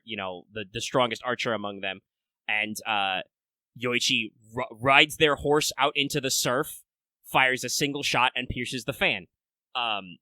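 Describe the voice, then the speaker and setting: Bright-voiced rambling podcast host man. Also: mid-range voice, no room sound. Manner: rambling, many filler words and restarts. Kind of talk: casual podcast chat.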